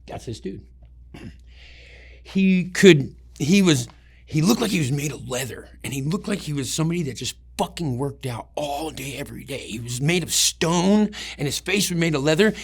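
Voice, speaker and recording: A man's voice: fairly high pitch, slightly rough. A man, an army veteran, telling war stories in an interview in a rambling way, swearing often and restarting his sentences. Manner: profane, rambling, many restarts. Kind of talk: casual storytelling.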